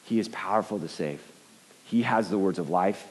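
A man's voice: low-pitched, moderate pace. A man giving an earnest sermon as a pastor, often stumbling and repeating words as he starts a thought. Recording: long hall reverb.

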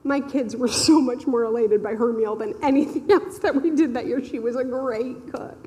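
A woman tells a heartfelt personal story, animated and quick to laugh. Her voice sits high and climbs higher when emotion catches it. The sound rings with the long reverb of a large hall. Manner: animated, laughing often, voice rising and cracking with emotion. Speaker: speaker sharing a personal testimony. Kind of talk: storytelling testimony.

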